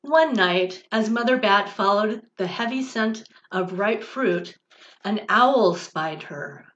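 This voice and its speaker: A woman, a church's director of religious education, reading a picture book aloud for children in a gentle, expressive way. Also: mid-range voice, slow pace, a little hiss or hum. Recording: dull lo-fi recording.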